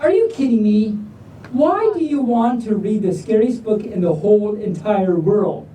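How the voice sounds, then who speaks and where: Lady doing a whiny scared rock guy from a storybook, big dramatic moans, mellow tone. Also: medium pitch, lively intonation, close to an everyday voice. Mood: complaining. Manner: whiny and dramatic, drawn-out exclamations. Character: grumpy, fearful male rock trapped in a book. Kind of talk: storybook reading to a live audience. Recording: roomy hall, distant mic.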